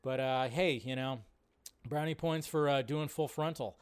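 A man's voice: mid-range voice, fairly even intonation, unhurried, smooth. Rambling man hosting a live stream. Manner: rambling, self-interrupting, reads viewer questions aloud. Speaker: host. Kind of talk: casual live-stream chat.

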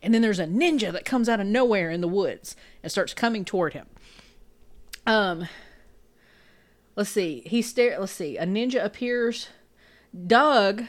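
A woman co-hosting a podcast, casually recapping a movie scene by scene and laughing often. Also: medium pitch. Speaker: podcast co-host.

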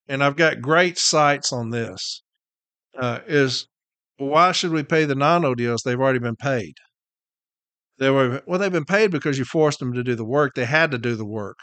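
With a medium pitch and a fairly bright tone, this man is recorded without any room sound. He hosts a podcast and serves as a union rep, and here he's ranting casually, bluntly and with plenty of swearing, heated, tired and irritated, hammering points home by saying them again.

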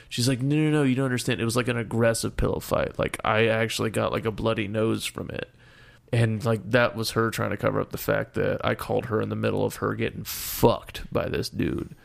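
A man's voice: lowish voice, gravelly. A young man casually retelling a story in a profane, exasperated way. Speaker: storyteller guest.

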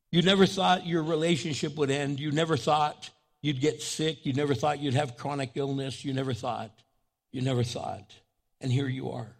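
A man's voice: on the high side, gravelly. A man pastor giving a sermon in a conversational preaching style, repeating phrases and restarting often.

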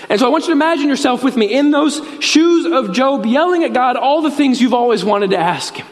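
A male pastor delivers a sermon in a strikingly high voice, telling a story and weaving in scripture with earnest conviction. His words carry a long hall reverb, as if spoken in a large church sanctuary. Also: expressive, a little fast.

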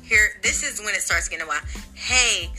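A woman telling a casual storytime in an animated, incredulous way. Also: medium pitch, normal speed, soft background music, low-quality recording.

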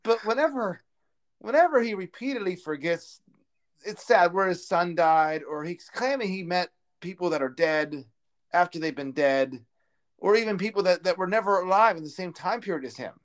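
A man co-hosting a political podcast in casual chat, animated and stumbling over restarts when he gets worked up. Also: high voice, normal speed. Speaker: podcast co-host.

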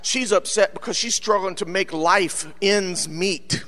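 A pastor preaches with a high, bright, ringing voice. He swings from quiet storytelling to shouted, rising bursts, and pads his phrases with steady "uh" fillers. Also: unhurried. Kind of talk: sermon.

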